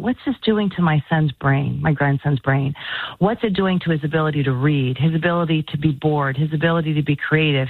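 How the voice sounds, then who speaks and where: A woman speaking in a fairly low voice gives earnest, encouraging advice as a radio guest. Her voice comes through a thin phone line. The sound is dry and close. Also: no room sound. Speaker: guest author. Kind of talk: call-in radio talk.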